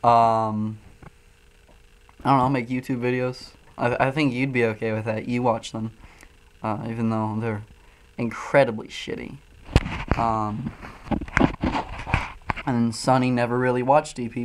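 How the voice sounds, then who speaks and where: A man's voice: medium pitch, little pitch movement, measured pace, pauses often, clean tone. A young man hosting his own livestream, reading chat messages aloud and replying in a crude, profane, mock-ranting way.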